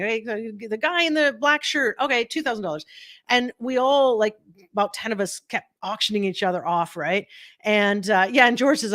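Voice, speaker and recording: A middle-aged woman coach telling a story to her online group, chatty and animated, acting out the voices in it with many fillers. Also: mid-range voice. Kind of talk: live-streamed storytelling to a group.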